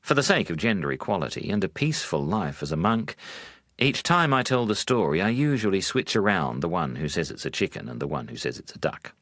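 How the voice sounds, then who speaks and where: A Buddhist monk telling wry teaching stories in a deep, low voice. His pitch rises and falls animatedly for the punchlines. The recording is dry and close. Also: very animated, a bit bright, dry recording. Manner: dry humor, measured. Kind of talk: storytelling talk.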